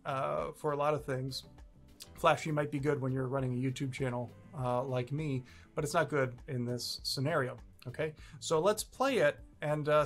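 A man's voice: fairly high pitch, fairly bright tone. A man hosting a legal advice video, explaining a clip with candid, self-aware asides. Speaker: immigration lawyer, host.

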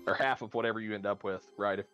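A man's voice: lowish voice, fairly even intonation, very fast, fairly bright tone, clean tone, muffled recording, faint music behind. A man narrating as game master in a tabletop game, thinking aloud with many fillers.

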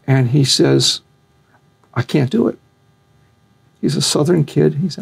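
An older man telling a long story in a sit-down interview, animated and acting out what people said. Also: on the high side, measured pace, creaky, long pauses, slightly rough. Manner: animated storyteller, acts out quotes, laughs. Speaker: interview guest, former boxing fixer.

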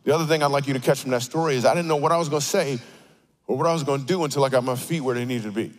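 A man's voice: mid-range voice, racing. Man delivering a comedic sermon. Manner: animated storytelling with playful asides. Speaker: guest speaker. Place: church auditorium.

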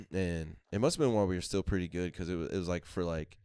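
Low-voiced man telling profane stories. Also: fast talker, clear, resonant tone, no echo, studio quality. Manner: profane, animated storytelling, laughs often. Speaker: podcast host. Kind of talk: casual chat.

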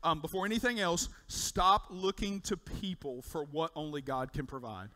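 A man preaching a sermon in church, telling a story in an animated way and repeating words as he builds up. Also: fairly high pitch, moderate pace. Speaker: pastor. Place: church sanctuary.

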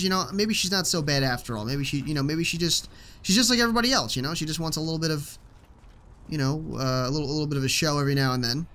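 A man's voice: on the high side, fairly bright tone. A young man giving casual, joking commentary while he plays a video game, swearing often. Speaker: gaming YouTuber.

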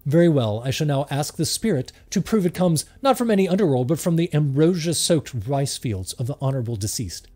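A man's voice: on the high side, expressive, fairly quick, few pauses, warm tone. A man voicing a theatrical fake-mystic woman medium with grandiose, wailing incantations.

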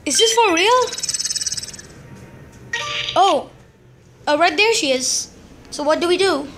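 A woman hosting a let's play, excitable and jokey, exclaiming at every surprise. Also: very high voice, slow pace. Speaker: gaming channel host. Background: game music.

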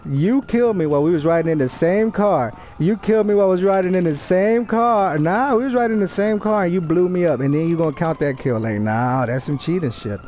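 A man's voice: high voice, brisk, hardly any pauses, a little mellow, slight background noise. A young man trash-talking other players in an online game over a headset mic, taunting, profane and boastful. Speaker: gamer streaming online play.

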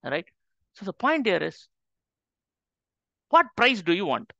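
A man leads a Quran class, his tone bright and forceful as he presses his listeners with rhetorical question after question. The sound is dry and close, with a slightly dull, lo-fi quality. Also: high voice, very animated, measured pace, gravelly, no room sound. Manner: emphatic, asks many rhetorical questions. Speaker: Islamic teacher. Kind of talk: Quran class talk to an audience.

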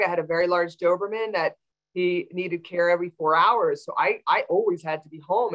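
A woman's voice: fairly low pitch, low-quality recording. A woman veterinarian answering audience questions on a video call, explaining with many fillers. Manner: warm, explanatory, with frequent fillers.

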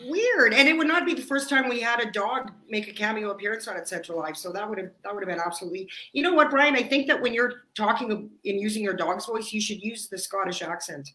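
A woman's voice: mid-range voice, expressive, quick pace, few pauses, pushed and bright. A woman hosting a live-streamed talk show, greeting and interviewing a guest in an enthusiastic, effusive way. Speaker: host. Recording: echoey room.

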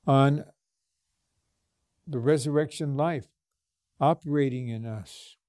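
Man preaching slow and earnest, mellow low-key tone, dry close sound, keeps asking the room questions. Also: no echo. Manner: slow, earnest, with frequent restarts and rhetorical questions. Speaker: minister. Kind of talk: sermon.

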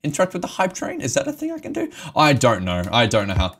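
A man live-streaming a game, excitable and emotional, swearing and laughing often as he talks to his chat. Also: medium pitch, fast, a little hiss or hum.

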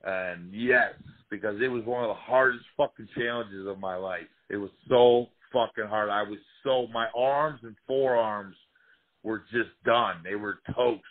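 Profane storyteller over a tinny line. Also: male voice, lowish voice, fairly even intonation, unhurried. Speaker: former fighter telling career stories. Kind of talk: casual storytelling interview.

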